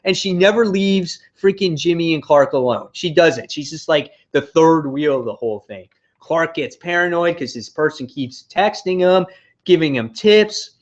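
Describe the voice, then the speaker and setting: A young man hosts a live comic review in a loose, rambling way, full of "uh" and "you know," and his pitch swings up sharply when he gets fed up. The sound is dull and lo-fi, like a cheap home mic. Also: moderate pace. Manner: casual, animated, exasperated rants with many fillers. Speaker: host.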